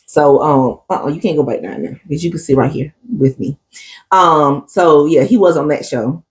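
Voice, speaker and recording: A woman's voice: low-pitched, normal speed. A woman co-hosting a casual chat podcast, telling stories playfully. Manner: playful storyteller, slips into quoted voices. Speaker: podcast co-host.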